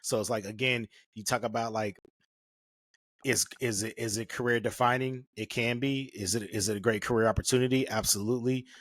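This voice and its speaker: A man's voice: medium pitch, dry recording, clean studio sound. A man in his forties, a photographer hosting a podcast, chatting casually and jumping into playful impressions as he tells stories. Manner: quick, animated storytelling that breaks into playful impressions.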